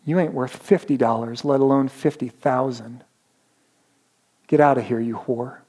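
Brief: a pastor doing a large, menacing pimp, quiet and scornful. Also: male voice, medium pitch, steady tone, moderate pace, slightly rough, natural voice.

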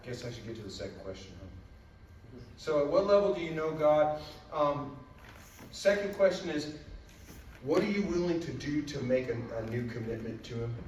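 A man preaching as a guest speaker, whose voice swings from quiet reflection to loud, fervent pleading in prayer. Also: mid-range voice, slight background noise. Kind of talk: sermon. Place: church sanctuary. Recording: echoey church hall from far off.

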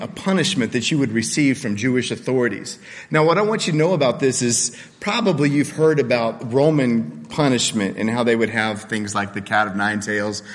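A male pastor giving a conversational sermon and reading scripture aloud, slowing down hard on the points he stresses. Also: mid-range voice. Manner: conversational, with restarts and emphatic slow stresses. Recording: long hall reverb.

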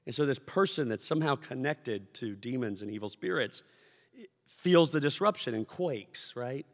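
A man preaching a sermon to his congregation, conversational and animated, acting out shouted lines as he tells stories. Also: mid-range voice. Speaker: pastor. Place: church sanctuary. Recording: long hall reverb.

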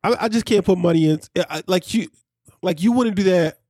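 A man co-hosting a podcast in casual chat, animated and jokey. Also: high-pitched, no echo, studio quality. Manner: animated, jokey, quick asides. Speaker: podcast co-host.

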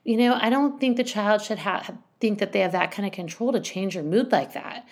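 A woman's voice: medium pitch, fairly quick. A woman giving casual parenting advice in a chatty, rambling way, full of asides and restarts. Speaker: parenting coach.

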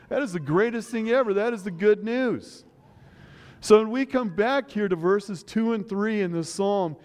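Male pastor, middle-aged, earnest and chatty sermon, slightly high voice, long church reverb. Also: darkish tone. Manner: earnest, conversational, rhetorical questions. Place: church sanctuary.

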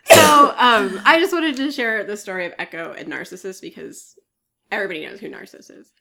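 A woman co-hosting a podcast retells a myth in casual, chatty storytelling, full of fillers and frequent coughs. Her medium-pitched voice is animated, gravelly, and a little fast, and the recording is very noisy.

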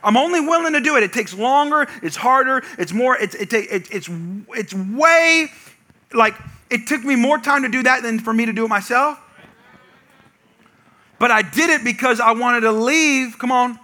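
A man in his thirties preaching a sermon, telling lively stories about his kids and shouting the punchlines. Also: very high-pitched, normal speed. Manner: energetic storytelling, shouting punchlines. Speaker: pastor.

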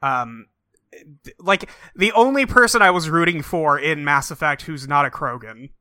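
A man with a very bright, forceful voice talks casually, blunt and sarcastic. He sounds close and dry. His voice is pitched a bit high for a man. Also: animated, no echo. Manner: blunt and sarcastic, quick to mock. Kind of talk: casual chat.

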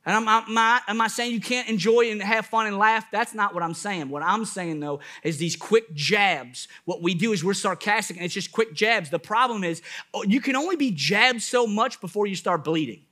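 A man's voice: high voice, normal speed, pushed and bright. A man pastor preaching a sermon at a church service, with rising bursts of emphasis and playful asides.

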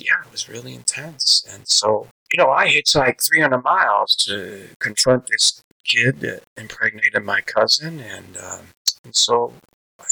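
A man from Connecticut recounts his personal testimony with a gravelly, husky voice. His casual street speech and acted-out quotes keep the story lively. The tone is bright and forward. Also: medium pitch, low-quality recording. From Bridgeport, Connecticut, USA. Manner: animated storyteller acting out quotes. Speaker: preacher giving his testimony.

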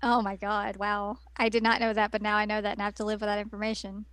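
A young woman co-hosting a casual anime podcast, giggly and expressive as she chats. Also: mid-range voice, quick pace, clean tone, no echo. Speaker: podcast co-host. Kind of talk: casual anime recap chat.

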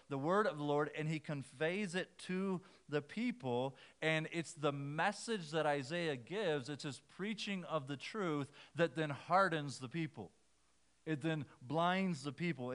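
A man's voice: a little high, a bit bright, clean tone. A man preaching a sermon in a conversational way, shifting his emphasis as he quotes scripture. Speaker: pastor.

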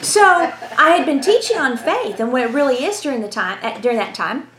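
A woman giving a lively, conversational Bible lesson, telling stories and asking rhetorical questions. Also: sits high, brisk, slight background noise. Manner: animated, storytelling, asks rhetorical questions. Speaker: Bible teacher.

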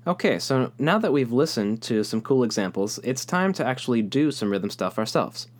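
A young man teaching a rhythm lesson, explaining calmly and speaking rhythm syllables aloud. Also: medium pitch, moderate pace. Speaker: music teacher.

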